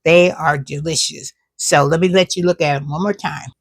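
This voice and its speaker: A woman's voice: deep voice, steady tone, normal speed, slightly rough, no room sound, studio quality. A woman chatting casually to camera at home as a cooking and gardening vlogger, drawing out her words and calling viewers "child" and "y'all".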